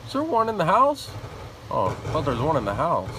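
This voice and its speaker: A man's voice: a little high, brisk, a little hiss or hum. A man streaming a shooter game, talking casually and cursing at other players as he plays. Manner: profane, animated trash talk. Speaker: live streamer. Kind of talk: casual gameplay commentary.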